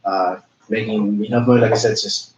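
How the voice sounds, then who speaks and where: A man from Southern California talks casually as a podcast guest, his low voice rambling along with many fillers and fading off at the ends of thoughts. He sits back from the mic, so he sounds distant. The room is echoey and the sound dull and lo-fi. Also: steady tone, a little fast. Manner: rambling, heavy use of "like", trails off quietly. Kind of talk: casual interview conversation.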